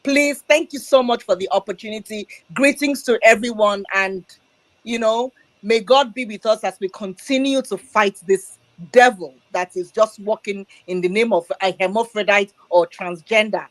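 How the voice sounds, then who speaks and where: A woman from Nigeria giving an emotional political speech in an online audio room, slow and emphatic. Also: medium pitch, no room sound, low-quality recording. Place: abroad, diaspora.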